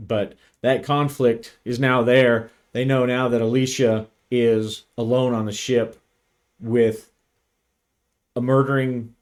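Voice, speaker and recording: A man talks through a solo tabletop role-playing session at a slow, deliberate pace. He thinks aloud, restarting phrases as he weighs each roll. His voice sits at an ordinary middle pitch. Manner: thoughtful, hesitant, frequent restarts. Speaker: solo game player and narrator.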